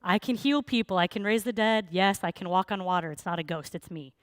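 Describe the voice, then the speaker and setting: A woman's voice: medium pitch, brisk, no room sound, natural voice. A woman voicing an exasperated man in a breezy, joking tone during a sermon. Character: exasperated man, teasingly patient.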